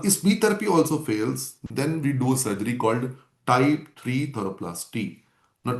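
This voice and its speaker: A man's voice: mid-range voice, creaky. A man teaching a medical class and repeating key terms to drill them in. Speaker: medical lecturer. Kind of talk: classroom lecture. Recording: echoey lecture room.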